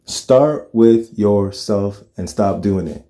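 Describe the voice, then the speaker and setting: A man's voice: fairly low pitch, takes it slowly, warm tone. A man reacting to a clip with casual commentary, earnest and lecturing, often asking rhetorical questions.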